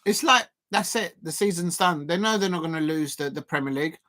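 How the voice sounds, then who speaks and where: High-voiced man rambling through football commentary. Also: fairly quick. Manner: rambling, hesitant, with many fillers and restarts; excitable at key moments. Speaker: watch-along host. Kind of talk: live football watch-along commentary.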